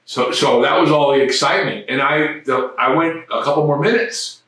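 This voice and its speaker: Animated man telling stories in an echoey room. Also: on the high side, normal speed. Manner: animated, profane, stammering restarts. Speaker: interview guest. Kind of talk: casual storytelling. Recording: echoey room, distant mic.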